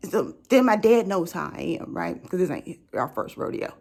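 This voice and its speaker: A woman's voice: lowish voice, normal speed, gravelly, hardly any pauses. A young adult woman telling a comedic story in a conversational way, keeps checking in with the listener. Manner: animated, conversational, keeps asking the listener "right?".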